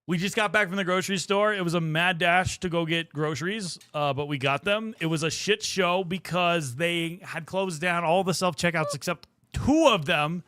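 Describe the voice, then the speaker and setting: Talking to his chat in a playful, chatty livestream, a young man sounds mildly out of breath. His high-sitting voice has a sharp tone and moves at a moderate pace with few pauses, recorded with no room sound.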